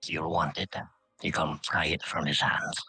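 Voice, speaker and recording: A man's voice: a bass voice, little pitch movement, normal speed, pushed and bright, slightly rough, no room sound, faint music behind, voice pushed down, heavily acted. A man voicing a curt, defiant male envoy refusing an offer in a tabletop game. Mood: dismissive.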